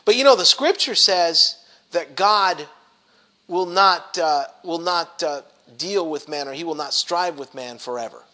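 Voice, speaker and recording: A man's voice: on the high side, animated, unhurried, bright, forceful tone. A middle-aged man leading an informal Bible study, talking animatedly with many restarts and acting out grumbling voices.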